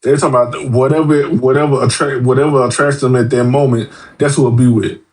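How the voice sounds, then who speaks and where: This podcast guest is a fast talker with a mid-range voice. Casual and blunt, he swears freely and tells animated stories, acting out the voices of those he describes.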